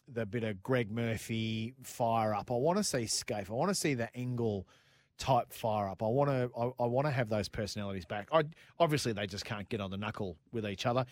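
A man with an Australian accent co-hosting a motorsport radio show, reading listener texts in jokey, excitable banter full of matey slang. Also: medium pitch, no room sound, clean studio sound.

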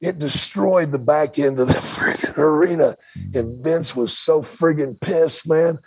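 A man's voice: fairly high pitch, measured pace, breathy edge, no room sound, faint music behind. An older man, a podcast host, telling a colorful, profane story and acting out the quotes of other people. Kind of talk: casual storytelling chat.

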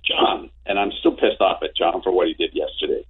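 A man in his fifties telling animated anecdotes as an interview guest, with frequent restarts. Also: sits low, a little fast, slightly rough. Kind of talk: casual storytelling. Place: home office. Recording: tinny phone-like line.

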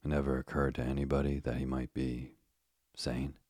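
Casting: man voicing a quiet, guarded detective; very low and husky. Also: completely flat delivery, moderate pace, no room sound, studio quality. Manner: quiet and reserved. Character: quiet, evasive male detective. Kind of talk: sleep story reading.

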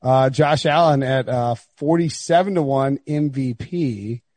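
A man's voice: mid-range voice, unhurried, darkish tone, dry recording. A man hosting a sports podcast, bantering casually with friends and often laughing. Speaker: podcast host.

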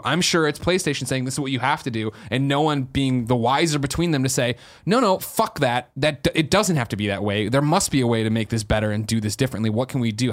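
A man co-hosting a gaming podcast in casual, rambling chat, swearing freely. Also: medium pitch. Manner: rambling, profane, animated. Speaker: podcast co-host.

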